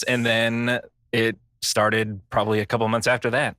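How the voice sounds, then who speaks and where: A man's voice: mid-range voice, level tone, moderate pace, fairly bright tone, no echo, clean studio sound. A man, a guest podcaster, explaining things matter-of-factly in casual chat.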